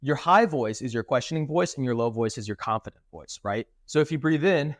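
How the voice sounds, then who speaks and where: A man's voice: mid-range voice, expressive, a little fast, dry recording, studio quality. Young man explaining on a podcast. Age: young adult. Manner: explanatory, demonstrates intonation with his own voice. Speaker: podcast co-host. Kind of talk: casual podcast conversation.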